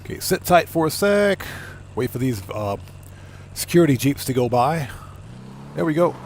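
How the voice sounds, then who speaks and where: A man's voice: a little high, sing-song, normal speed, a little hiss or hum. Chatty man streaming a game. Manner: chatty, laid-back, laughs easily, greets viewers. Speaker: gaming streamer host. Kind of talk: casual live-stream chat while playing.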